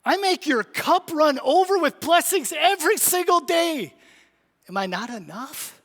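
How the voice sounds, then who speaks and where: A man's voice: very high voice, expressive, unhurried, a bit bright, voice pushed up, full character voice. A man preaching a sermon who voices God as a sorrowful, tender figure repeating one aching question. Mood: pleading. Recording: long church reverb.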